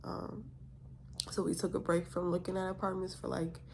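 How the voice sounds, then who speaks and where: A woman's voice: lowish voice, little pitch movement, normal speed, vocal fry, a little hiss or hum. A young woman vlogger telling a story in a casual, exasperated way, full of rhetorical questions.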